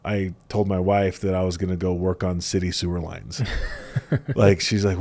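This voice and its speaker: A young man with a somewhat low voice tells stories in a relaxed conversation. He gets animated, laughing and acting out the lines of the people he talks about. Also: moderate pace. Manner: animated storyteller, laughs often, acts out quotes. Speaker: podcast guest, salesman. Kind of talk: casual storytelling chat.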